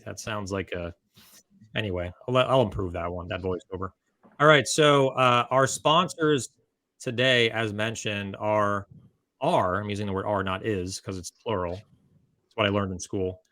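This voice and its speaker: A chatty male podcast host with a fairly low voice. He talks in a loose, casual way, dropping joking asides between sponsor mentions. The sound is dry and close, with no room echo. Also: normal speed, fairly bright tone.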